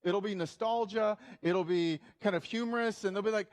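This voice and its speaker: A pastor in his thirties delivers a conversational sermon, mixing earnest points with humorous asides. His voice sits notably high for a man, and he talks in an animated, playful manner. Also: moderate pace, hardly any pauses.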